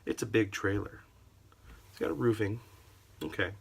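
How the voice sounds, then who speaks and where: A man's voice: fairly low pitch, normal speed, creaky, breathy edge. A man telling a comic story about a customer in a sarcastic, theatrical way. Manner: theatrical, sarcastic, wildly varied delivery.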